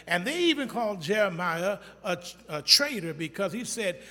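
A man preaching a sermon in a church, blunt and folksy, talking straight to the congregation and building to emphatic shouts. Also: sits high, animated, normal speed. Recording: echoey church hall.

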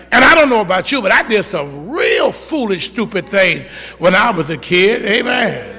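Man preaching, high voice, ringing and bright, folksy storytelling sermon, long hall reverb. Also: sing-song, normal speed. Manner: storytelling, folksy, call-and-response. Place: church.

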